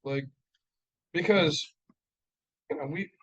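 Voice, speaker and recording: A man's voice: a little high, takes it slowly, fairly bright tone, slightly rough, dull audio. Heated, profane man ranting. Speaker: podcast co-host. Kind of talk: casual chat. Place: podcast studio.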